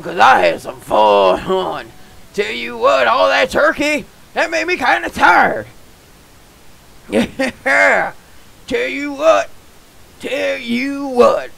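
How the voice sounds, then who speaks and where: A man doing comedic gameplay commentary in a goofy, dim-witted yokel persona with folksy slang, bursting into excited shouts. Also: very high-pitched, vocal fry, rough recording. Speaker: gamer vlogger.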